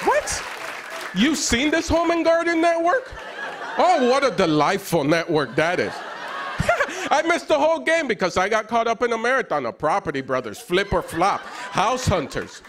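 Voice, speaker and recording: A man in his thirties doing self-deprecating stand-up comedy on a TV stage, with a wry, joking manner and bursts of excited yelling. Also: extremely high pitch, moderate pace. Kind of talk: stand-up set on late-night TV. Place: TV studio stage before a live audience. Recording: broadcast studio with loud crowd noise. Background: audience laughter and applause.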